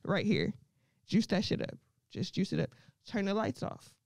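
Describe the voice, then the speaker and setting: A woman's voice: mid-range voice, sing-song, normal speed, creaky, darkish tone, no room sound. Brash woman doing crude stand-up. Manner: brash, crude, laughs often between lines. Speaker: stand-up comedian. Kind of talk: stand-up comedy set.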